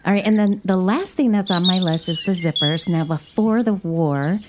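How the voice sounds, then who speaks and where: Woman, podcast host, chatty, playful, laughs a lot, lowish voice, hissy recording. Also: normal speed. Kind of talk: casual chat.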